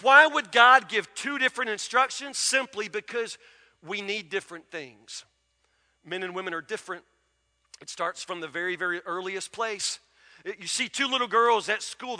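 A man's voice: high-pitched, fairly quick, sharp tone. A man, preaching a sermon with folksy stories and emphatic repetition. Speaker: pastor. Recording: long reverb of a large hall.

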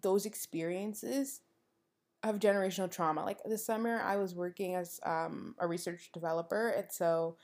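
A woman's voice: on the low side, normal speed. A young woman hosting a podcast, talking casually and acting out what people said in her stories. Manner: animated storytelling, acts out quoted dialogue; frequent "like" fillers. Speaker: podcast host. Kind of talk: casual monologue.

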